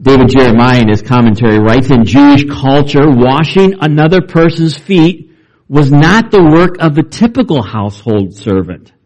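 Pastor guy preaching, lively ups and downs, acts out the quotes. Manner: animated, acts out quoted voices with rising pitch. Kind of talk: sermon.

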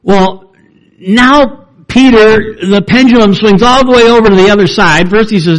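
A man preaching a sermon as pastor, reading scripture and talking it through with lively emphasis. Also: brisk. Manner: animated, acts out quoted voices with rising pitch.

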